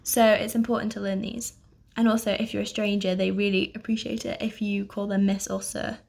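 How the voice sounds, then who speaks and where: A young woman teaching an online language lesson, patient and clear, pausing to let learners repeat after her. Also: medium pitch, level tone, darkish tone. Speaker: French teacher.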